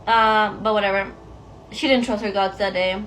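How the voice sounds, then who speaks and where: The beauty vlogger's mid-range voice is steady and fairly bright, moving at normal speed with slight background noise. She chats casually and slangily through a get-ready-with-me storytime for her viewers.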